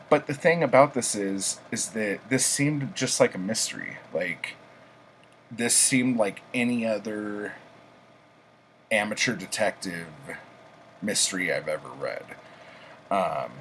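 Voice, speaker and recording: Man, deep voice, unhurried, casual book review vlog, rambling. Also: a bit bright, a little hiss or hum, poor audio. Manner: rambling, many ums and likes.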